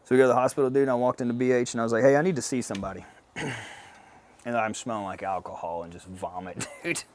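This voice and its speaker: A man's voice: medium pitch, steady tone, fast, darkish tone, a little hiss or hum. A man in his thirties, a podcast guest telling a personal story in a blunt, profane, casual way, laughing along. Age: 30s.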